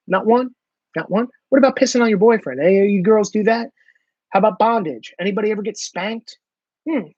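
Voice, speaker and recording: A man's voice: high voice, darkish tone, dry recording. Guy ranting on his own show, sarcastic and sweary, dry dull-ish audio. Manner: profane, sarcastic, mocking. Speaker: host. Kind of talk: ranting commentary monologue. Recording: slightly dull lo-fi sound.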